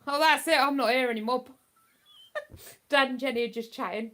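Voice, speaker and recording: A woman's voice: sits high, normal speed, sharp tone. A woman hosting a casual livestream from home, chatting in a rambling way and laughing easily. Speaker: livestream host. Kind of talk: casual live chat.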